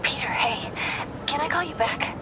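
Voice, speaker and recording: A busy young woman, voiced by a woman talking in a hushed, brisk, fairly high voice, half whispering. Clear background noise runs under her game dialogue. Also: natural voice.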